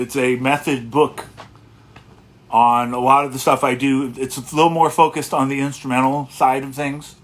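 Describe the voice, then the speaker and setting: A man hosting a casual livestream as a guitarist, talking in a relaxed, rambling way and greeting viewers one by one. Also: medium pitch.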